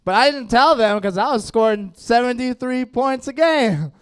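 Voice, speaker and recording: On a stage mic before a dining audience, a young stand-up with a noticeable lisp works the crowd loosely and mocks himself, chuckling at his own jokes. His voice is high for a man, smooth and clear, delivered in an animated way at moderate pace.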